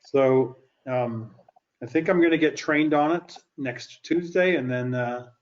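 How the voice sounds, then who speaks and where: A male co-host chatting casually, enthusiastic and halting as he talks. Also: mid-range voice. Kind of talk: casual chat. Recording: slightly dull lo-fi sound.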